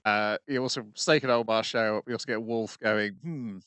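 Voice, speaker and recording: Low-voiced man summarizing on a podcast. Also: moderate pace, fairly bright tone, smooth, no echo. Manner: hesitant, with many "uh" fillers, summarizing episodes. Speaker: podcast co-host. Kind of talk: casual chat.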